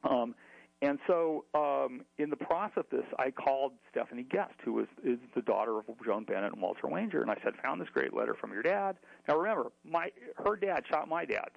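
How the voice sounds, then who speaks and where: A man's voice: medium pitch, animated, brisk, creaky, dry recording, highs cut off. A man telling a long story in an interview, chatty, with many fillers and restarts. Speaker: author.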